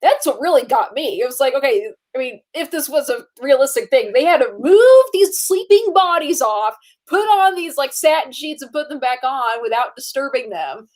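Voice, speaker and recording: A woman co-hosting a casual movie podcast, relaxed and chatty and a little sleepy. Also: high voice, normal speed, hardly any pauses. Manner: relaxed, chatty, lots of likes and laughter. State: sleepy, yawning. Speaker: podcast co-host.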